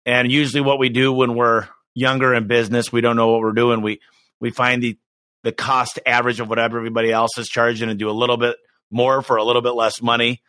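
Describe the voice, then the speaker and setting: A middle-aged man talking in a casual podcast interview, energetic and emphatic, often restarting his sentences. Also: medium pitch, clean tone, dry recording. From United States. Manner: energetic, emphatic, quick restarts, acts out quoted voices. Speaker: business owner guest.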